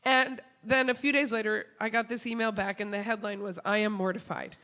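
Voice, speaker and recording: A woman telling a funny personal story on stage to an audience. She talks in an animated way, laughs often, and acts out the people she quotes. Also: on the high side, a little fast, background noise. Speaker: comedian and show host. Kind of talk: live comic storytelling to an audience.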